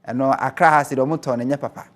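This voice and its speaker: A Ghanaian man hosts a TV talk show and reads out viewer messages at a brisk clip. His voice sits in a middle pitch, and he drops Twi asides between the messages. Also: steady tone, fairly bright tone. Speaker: TV host. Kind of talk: reading viewer messages on air.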